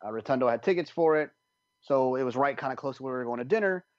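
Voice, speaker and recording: A man's voice: mid-range voice, animated, fast, a little mellow, no room sound, dull audio. A man telling a long story on a podcast, rambling with many restarts, acting out what people said. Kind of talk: casual storytelling.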